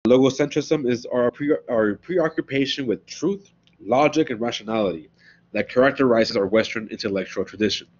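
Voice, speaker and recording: A man's voice: mid-range voice, moderate pace, a little mellow. A man giving a philosophy lecture in a conversational way, often checking in with "right?" as he explains ideas. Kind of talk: recorded classroom lecture. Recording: dull, lo-fi lecture recording.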